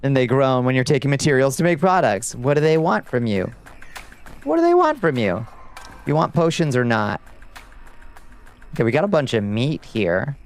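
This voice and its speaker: A man streams a game from his room, talking loosely to his chat with fillers and the odd curse. His voice is smooth and resonant, sitting at an ordinary middle pitch, picked up by a desk microphone. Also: moderate pace, soft background music. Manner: loose and profane, rambling with fillers. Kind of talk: casual gameplay chat with viewers.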